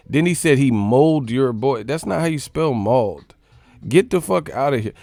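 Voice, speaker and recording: A man's voice: mid-range voice, animated, normal speed, creaky, darkish tone, no echo, soft background music. A man hosting a boxing channel live stream, ranting in casual, profane, mocking chat.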